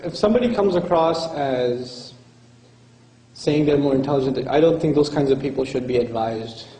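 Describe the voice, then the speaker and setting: A man giving a lecture and answering audience questions, telling stories with lively acted-out dialogue. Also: mid-range voice, moderate pace. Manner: lively storytelling, acts out quoted dialogue. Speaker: speaker. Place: hall with audience. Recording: echoey hall.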